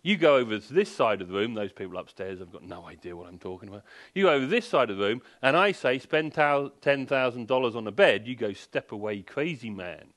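A man's voice: mid-range voice, big pitch swings, fast talker, few pauses, fairly bright tone. A man giving a sleep seminar in a furniture showroom, joking and firing rhetorical questions at the audience. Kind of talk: public lecture to a live audience.

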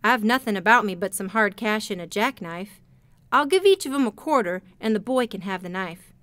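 A woman reading a storybook, voicing a young soldier home from war in a plain slightly lower voice. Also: expressive, normal speed, fairly bright tone, no room sound, close to an everyday voice. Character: young wounded soldier, glum then cheerful.

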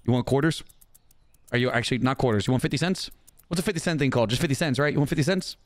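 A man's voice: medium pitch, rapid-fire. A young man giving comedic gameplay commentary, trash-talking game customers in mock anger. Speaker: gaming YouTuber.

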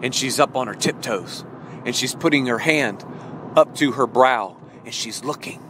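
A man's voice: medium pitch, moderate pace, fairly bright tone, slight background noise. A man preaching a sermon, retelling a parable and addressing his listeners directly with emphatic questions. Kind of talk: sermon storytelling.

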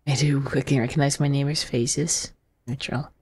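A woman hosting a gaming channel, reading game text aloud and commenting in a soft, low-key way with sudden startled yelps. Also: steady tone, normal speed, a little hiss or hum.

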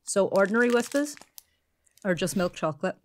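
A woman's voice: mid-range voice, lively intonation, fairly quick. A woman with an Irish accent co-hosting a podcast in casual chat, chatty and playful, often laughing. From Ireland. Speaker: podcast co-host.

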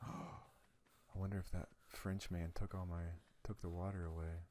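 A man giving let's-play commentary on his own gameplay, joking and talking to himself, his volume swinging between loud outbursts and quiet mutters. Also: low voice, flat delivery, normal speed, slight background noise. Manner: playful, jokey, talks to himself while playing, volume swinging from loud to muttered. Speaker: gaming channel host.

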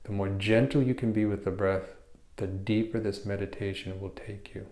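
A man teaching a guided meditation, explaining hand positions and breathing slowly, step by step. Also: fairly low pitch, roomy sound. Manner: calm, step-by-step explaining with restarts. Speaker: meditation instructor.

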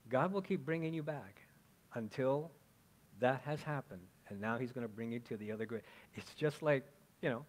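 A male pastor preaching a conversational sermon, often checking in with "okay?" and asking the congregation questions. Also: mid-range voice. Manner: chatty, asks the congregation questions, frequent "okay?".

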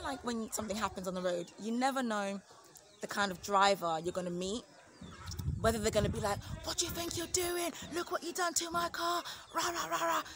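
A woman's voice: mid-range voice, background noise. A woman in her thirties, a family vlogger at home, telling a casual story and acting out the voices of people she quotes. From United Kingdom. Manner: animated, acts out quoted voices.

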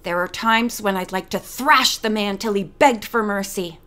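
A woman's voice: medium pitch, normal speed, natural voice. A woman reading as a teasing middle-aged lawyer dad. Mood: exasperated. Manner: teasing, gently joking. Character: middle-aged male lawyer, genial father. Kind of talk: audiobook reading.

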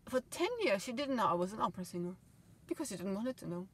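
A woman's voice: medium pitch, animated, fast, slightly rough. Emotional woman storyteller. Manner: emotional, swings loud and soft, laughs often. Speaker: vlogger. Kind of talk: rambling personal storytelling.

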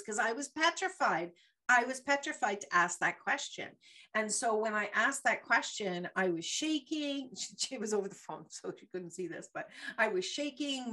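Lively woman hosting a motivational show. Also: medium pitch. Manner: animated, laughing storyteller. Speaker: host. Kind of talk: motivational talk show monologue.

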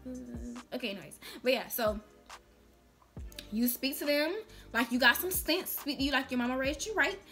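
Young woman vlogger, sassy and playful, slightly high voice over light music. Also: moderate pace, fairly bright tone. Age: young adult. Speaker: vlogger giving job tips. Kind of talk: casual chat to camera.

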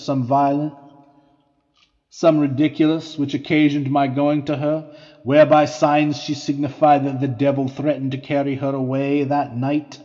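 A man's voice: fairly high pitch, warm tone. Man reading an old account, reverberant. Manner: measured, formal old-fashioned reading. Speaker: reader. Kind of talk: reading aloud a historical account. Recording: dull lo-fi audio with long reverb.

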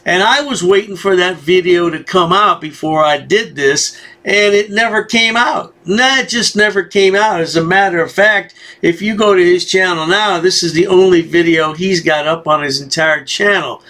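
A man's voice: high-pitched, normal speed, pushed and bright. A man hosting a video commentary, sarcastic and folksy, rambling as he mocks. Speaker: commentary channel host.

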